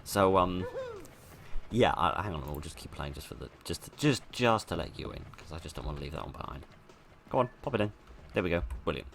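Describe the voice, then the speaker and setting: A man's voice: low-pitched, expressive, a little fast, vocal fry, a bit bright, a little hiss or hum. A man giving casual gameplay commentary, chatty and self-deprecating, rambling as he plays. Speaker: let's play host.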